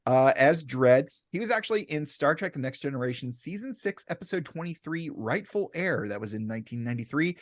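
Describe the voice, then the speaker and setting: Lively man with a dry close sound. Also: on the high side, a little fast, few pauses, no echo. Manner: animated, laughing, joking trivia asides. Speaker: podcast co-host. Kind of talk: casual podcast banter.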